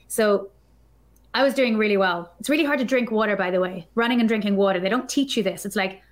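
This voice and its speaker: A woman guest on a podcast, telling a story in an animated, chatty way, full of filler words. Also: mid-range voice, fast. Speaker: podcast guest, developer advocate. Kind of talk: casual storytelling chat.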